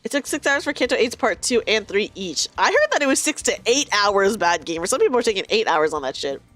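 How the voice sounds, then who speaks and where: A woman's voice: medium pitch, sing-song, brisk, a bit bright, faint music behind. A young woman streaming a game, chatting casually, giggling and reading the game's lines aloud.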